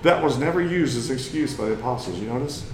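A man's voice: medium pitch, expressive, quick pace, echoey room, slight background noise, poor audio. A man from Missouri with a Missouri accent, preaching a lesson in a plain-spoken, folksy way that climbs into emphatic bursts. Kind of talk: sermon lesson.

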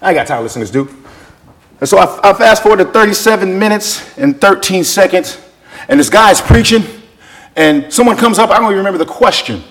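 A man preaching a sermon, jumping between shouted scripture and quiet, folksy asides as he tells stories. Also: sits high, fairly quick. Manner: animated, swinging from shouted scripture to near-whispered asides; folksy, conversational storytelling.

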